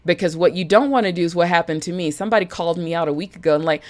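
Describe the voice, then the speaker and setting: A woman hosting a casual live stream as a budget coach, chatty and animated, greeting viewers by name. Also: fairly low pitch, fast talker.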